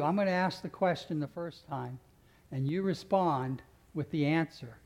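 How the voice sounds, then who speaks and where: Pastor guy preaching, kinda high voice, gets loud and fervent then prays. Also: moderate pace. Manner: builds to loud fervent call-and-response, then earnest prayer. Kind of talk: sermon with congregational response and prayer.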